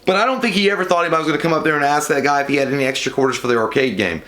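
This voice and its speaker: A man co-hosting a movie podcast, chatting casually and cursing as he gets excited. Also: a little high, racing. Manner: excitable, swears a lot. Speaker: podcast co-host. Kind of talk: profane casual movie chat. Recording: roomy echo.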